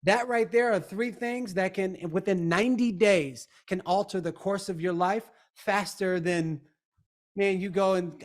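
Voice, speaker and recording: A man's voice: high-pitched, normal speed. A man, a motivational speaker and coach, talking emphatically as an interview guest. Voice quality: had a speech impediment in youth. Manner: emphatic, acts out quoted people.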